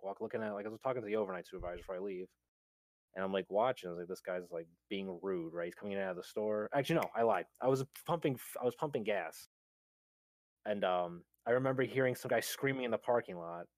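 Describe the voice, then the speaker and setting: A young man tells a rambling workplace-style anecdote in a lowish, laid-back voice. He curses constantly, laughs often, and slips into quoted voices. The sound is close and dry. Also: a little mellow, no room sound. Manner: swears a lot, laughs often, acts out quotes. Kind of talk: casual storytelling chat.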